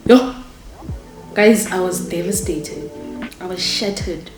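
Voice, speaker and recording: A young woman telling a storytime vlog, animated and indignant, talking straight to her viewers. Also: on the low side, slow. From South Africa. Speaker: vlogger. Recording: echoey room with faint music.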